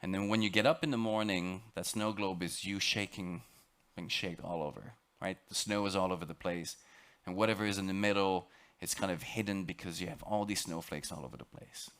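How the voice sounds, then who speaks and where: Deep-voiced French-accented man lecturing. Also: steady tone, a bit bright, smooth. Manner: dramatic, emphatic, with halting repeats. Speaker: expedition lecturer. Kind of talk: motivational storytelling lecture. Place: lecture on a cruise ship.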